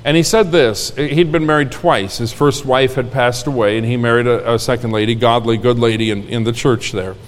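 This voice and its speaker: Earnest preacher in a reverberant church. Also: male voice, medium pitch, moderate pace, few pauses. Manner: earnest, folksy, repeats key lines. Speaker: pastor. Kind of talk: sermon. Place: church sanctuary.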